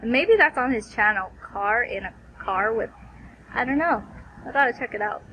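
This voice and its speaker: A woman with a fairly high voice recaps her day in a casual vlog. She rambles and tells it with energy, filling her story with "like" and quoted asides. A faint hiss of background noise sits under her voice. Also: normal speed, poor audio. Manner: rambling, animated storytelling with many fillers. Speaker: vlogger.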